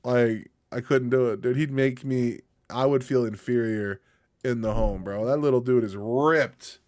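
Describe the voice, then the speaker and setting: A man's voice: mid-range voice, a little slow, darkish tone. A young man streaming, rambling in a laid-back, slangy way as he chats with his viewers. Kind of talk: casual live-stream chat.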